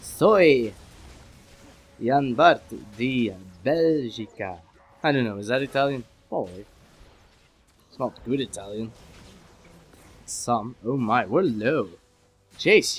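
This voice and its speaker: A man giving casual, rambling commentary over his own gameplay, with self-deprecating asides. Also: medium pitch. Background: faint background music.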